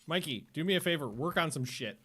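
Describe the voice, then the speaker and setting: Animated and a little fast, this man has a fairly high-pitched voice with a sharp tone. He's doing casual chat on a gameplay livestream, wandering from thought to thought, stopping mid-sentence and cracking up at his own anecdotes.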